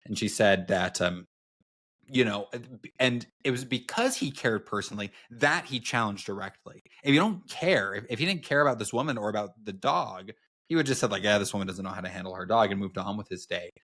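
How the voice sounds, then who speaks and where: A young man with a lowish voice co-hosts a podcast in relaxed conversation. He tells stories at an easy pace, full of fillers and restarts. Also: moderate pace. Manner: storytelling, many fillers and restarts. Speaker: podcast co-host. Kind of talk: casual chat.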